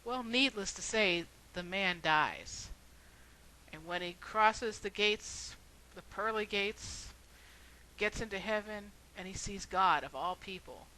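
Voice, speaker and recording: A woman's voice: medium pitch, slow pace, bright, forceful tone, a little hiss or hum, low-quality recording. A woman video blogger telling a story and then making an earnest, rhetorical argument.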